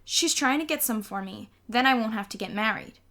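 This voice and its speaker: A woman's voice: fairly high pitch, lively intonation, brisk, a bit bright. A woman voicing a chatty, cheeky little boy who eagerly tattles in a singsong way. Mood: chattering.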